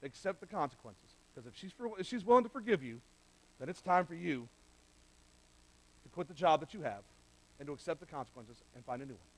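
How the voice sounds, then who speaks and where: A man's voice: a little high, animated, a little fast, pauses often, rough recording. A middle-aged man preaching a sermon in a conversational, direct way, speaking straight to the men in the room. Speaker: pastor. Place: church sanctuary.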